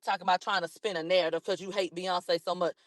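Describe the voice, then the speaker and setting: A hoarse woman from a cold, ranting combatively and profanely at critics on a livestream, repeating herself. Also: on the low side, level tone, quick pace, no echo, clean studio sound. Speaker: livestream host. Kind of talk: heated livestream rant.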